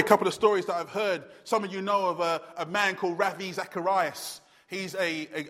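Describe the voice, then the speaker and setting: A man preaching a sermon with a fairly high voice. He speaks emphatically and conversationally, repeating his points. His words echo with the long reverb of a church hall. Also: fairly bright tone. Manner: emphatic, repetitive, conversational with fillers.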